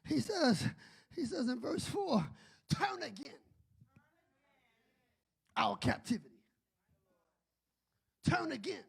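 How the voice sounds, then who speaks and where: A man preaching a sermon as a bishop, shouting and building into a singsong whoop. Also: very high voice, sing-song, takes it slowly, gravelly, long pauses.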